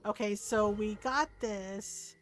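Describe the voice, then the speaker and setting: Taking her time, a woman in her forties tells a personal story during a game stream in a mid-range, fairly even voice. She's candid and casual, laughing often and swearing freely. There's slight background noise.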